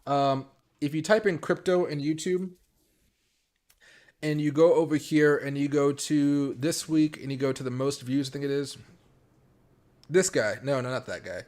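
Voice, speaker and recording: A man hosting a casual late-night crypto live stream from home, talking fast and rambling with lots of fillers and restarts. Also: a little high, steady tone, a little mellow. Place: home room.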